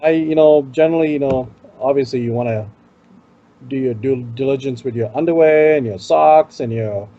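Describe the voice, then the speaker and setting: A man's voice: medium pitch, moderate pace, narrow, tinny audio, a little hiss or hum. A man with an Indian accent, co-hosting a casual chat show and giving conference travel tips, talking loosely with lots of "you know". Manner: chatty, fills with "you know". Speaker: podcast co-host.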